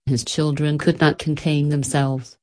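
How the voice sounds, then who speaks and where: A woman reading a storybook aloud with gentle, measured narration. Her voice sits notably low. She keeps the telling unhurried. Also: level tone.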